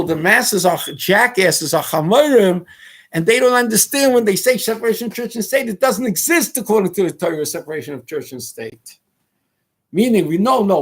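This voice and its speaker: A man's voice: high-pitched, breathy edge. A man hosting a talk show, delivering an emphatic, preachy political monologue full of rhetorical questions and Hebrew and Yiddish terms. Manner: rhetorical questions, mimics critics' voices. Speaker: radio talk host.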